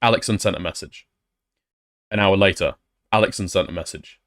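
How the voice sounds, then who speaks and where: A man's voice: sits low, a little fast, fairly bright tone. A man doing sarcastic, blunt commentary while reading messages aloud.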